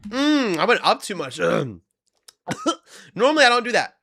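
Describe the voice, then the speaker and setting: Excitable young man streaming with music. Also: high voice, slow. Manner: excitable storyteller, talks to chat, loud bursts. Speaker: livestreamer. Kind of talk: casual live-stream chat while gaming.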